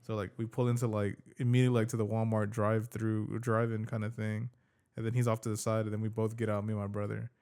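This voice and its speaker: A man's voice: on the low side, flat delivery, fast, a little mellow, smooth. A man hosting a podcast, telling a story in casual, slangy, swearing chat. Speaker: podcast host.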